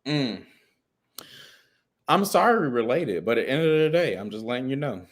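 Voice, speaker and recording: A man co-hosting a podcast in casual chat, crude and animated, swearing constantly and sounding a bit tipsy. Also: medium pitch, moderate pace. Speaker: podcast co-host.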